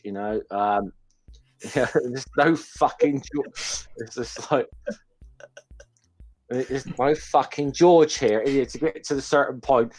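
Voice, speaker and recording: A man tells a long rambling story on a group call, his voice sitting at an ordinary middle pitch. He swears often and trips over his words, starting sentences again as he goes. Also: steady tone, normal speed, darkish tone. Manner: swearing, rambling anecdote with restarts. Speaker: quiz show guest. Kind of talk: casual storytelling chat.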